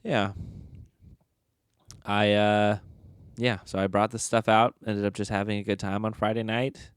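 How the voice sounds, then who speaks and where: A man's voice: lowish voice, level tone, unhurried, smooth, no room sound, clean studio sound. A young man hosting a solo podcast from his bedroom, talking into a microphone in a joking, rambling, self-mocking way. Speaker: podcast host. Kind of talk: casual solo podcast chat. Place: bedroom at home.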